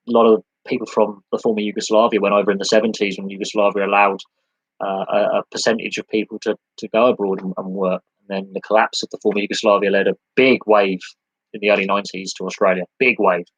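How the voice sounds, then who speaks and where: A man hosts a live sports podcast Q&A, talking loosely and at length, piling up lists and restarting his sentences. His voice sits fairly low and sounds slightly husky. The recording is close and dry. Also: little pitch movement, fast talker, no room sound, poor audio. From United Kingdom. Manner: rambling, conversational, with many restarts and lists.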